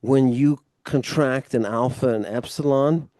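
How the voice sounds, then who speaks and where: A man tutors one student in a relaxed, explanatory way, walking through each point and checking in with a quick "right?" His voice is warm and mellow, sitting in the middle of the male range. The recording is close and dry. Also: medium pitch, no room sound. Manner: casual and loose, with mild swearing. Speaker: Ancient Greek tutor. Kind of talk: one-on-one language lesson.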